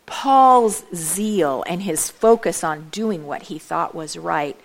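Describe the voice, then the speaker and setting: A woman giving a lively talk to a church audience, chatty, with many asides, asking her listeners direct questions. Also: lowish voice, slow, vocal fry. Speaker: speaker at a church event.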